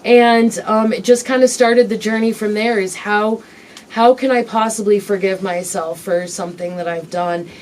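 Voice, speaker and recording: A woman as an interview guest, telling her personal story candidly in a halting, reflective way with frequent pauses and ums. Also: medium pitch, steady tone, a little mellow, far from the mic, a little hiss or hum.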